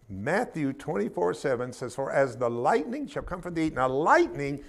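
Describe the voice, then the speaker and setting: A man's voice: a little high, big pitch swings, normal speed, gravelly. A man teaching a spiritual class in an informal sermon style, talking in a conversational, emphatic way with humorous asides.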